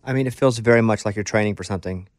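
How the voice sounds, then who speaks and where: A man's voice: fairly low pitch, racing, dry recording, studio quality. A man hosting a podcast, chatting casually with playful, enthusiastic interjections. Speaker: podcast host.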